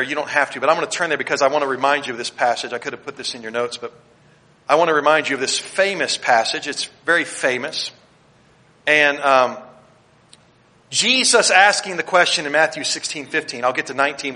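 A Baptist pastor preaching a sermon, swinging between loud declarations and quiet asides as he speaks straight to his congregation and points them to their notes. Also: fairly high pitch, fairly quick. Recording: long hall reverb.

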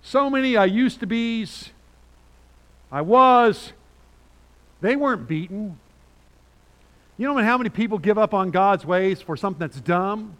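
An older man preaching a sermon to his church, animated and rising to loud peaks as he reads scripture aloud. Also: high voice, a little slow, pauses often. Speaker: pastor. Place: church sanctuary. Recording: church hall with long reverb.

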